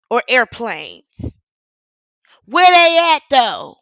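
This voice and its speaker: A woman reacting live to a news clip, her high voice slow and deliberate as she piles up sarcastic, blunt rhetorical questions. The sound is dry and close, with a bright edge. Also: lively intonation, no room sound, poor audio. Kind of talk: live-stream reaction commentary.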